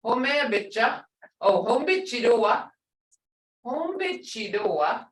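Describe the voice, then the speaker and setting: Slow, lively-voiced woman teaching a language. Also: a little high. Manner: explains patiently, repeats words slowly, laughs lightly. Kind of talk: online language lesson. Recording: roomy sound from a distance.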